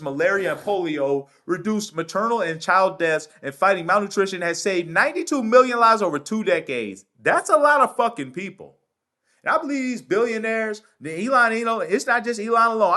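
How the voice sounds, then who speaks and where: A man hosting his own commentary show, reading news aloud and ranting loudly with heavy profanity. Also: high voice. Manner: loud. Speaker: political commentary host.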